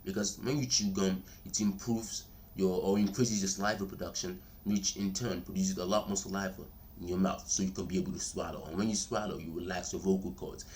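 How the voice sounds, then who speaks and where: Man, very low voice, laid-back tutorial host; chatty, repeats himself, keeps asking "all right?". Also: fairly even intonation, a little mellow. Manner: chatty and repetitive, calls viewers "bro" and "man", checks in with "all right?"; slows down and speaks steadily when demonstrating. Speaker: voice coach vlogger. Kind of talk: casual spoken tutorial.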